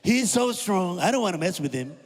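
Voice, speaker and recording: A man putting on the voice of a boastful older male politician, slow and patronizing, at a comedy show. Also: high voice, big pitch swings, in a large hall. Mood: condescending.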